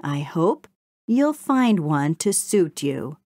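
Brief: woman doing a huffy male crow for a storybook, low-ish voice, dry sound. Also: very animated, slow pace, darkish tone, no room sound, heavily acted. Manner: cross and indignant. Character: peevish, self-important male crow. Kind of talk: storybook reading.

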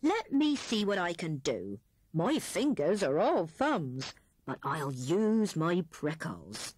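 A woman's voice: lowish voice, huge pitch swings, takes it slowly, darkish tone, husky, dry recording, heavily acted. A woman voicing a kindly old male hedgehog who grumbles in a plain, homely way. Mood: gruff.

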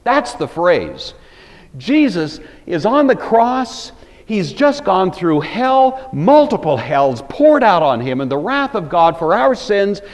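A man teaching a Bible lecture, telling the story with animated emphasis. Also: high-pitched, slow, in a large hall.

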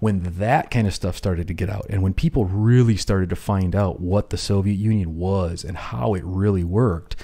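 A man's voice: low-pitched, normal speed, hardly any pauses, mellow. A man hosting an educational film commentary, explaining casually with lots of "you know" and "right?".

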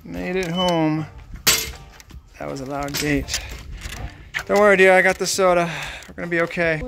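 A man's voice: sits high, little pitch movement, moderate pace, creaky, pauses often, fairly bright tone, faint music behind, low-quality recording. A man hosting a casual vlog, talking in a wry, playful, teasing way. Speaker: vlog host. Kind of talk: casual joking vlog narration.

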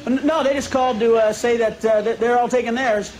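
A man's voice: very high-pitched, steady tone, fairly quick, noisy background, voice pushed up. A man playing a henpecked husband talking sheepishly on the phone. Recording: live club tape with loud crowd.

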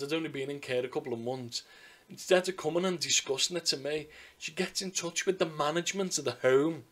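A man talks straight to camera as a vlogger, recounting his own story in a loose, chatty way. His voice sits at an ordinary middle pitch. He wanders off into asides and restarts his sentences often. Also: fairly bright tone.

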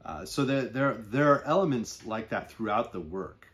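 Low-voiced man discussing a novel. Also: lively intonation, moderate pace, a bit bright. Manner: hesitant, with many fillers between readings. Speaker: book reviewer. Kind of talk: book discussion with read-aloud passages.

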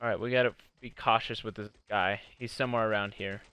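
A man giving casual, excitable commentary while coaching his girlfriend through a video game. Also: fairly low pitch, fast talker, clean tone. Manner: bossy, excitable coaching, swears. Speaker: gaming channel host.

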